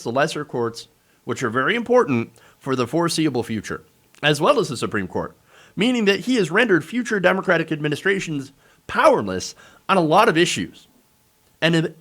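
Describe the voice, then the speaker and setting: Sarcastic guy doing political commentary, kinda high voice, pitch bouncing all over. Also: fairly bright tone. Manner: sarcastic, mocking.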